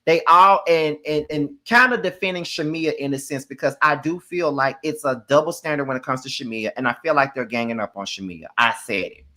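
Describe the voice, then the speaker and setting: A woman's voice: low voice, brisk, few pauses, sharp tone. A woman giving a casual live review of a reality show, blunt, profane and exasperated, repeating her points for emphasis.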